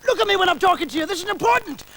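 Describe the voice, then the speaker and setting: A man's voice: very high voice, lively intonation, very fast, vocal fry, background noise, exaggerated voice. An actor playing a panicking trapped man who shrieks and pleads frantically with his dog, in a children's TV comedy. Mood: exasperated.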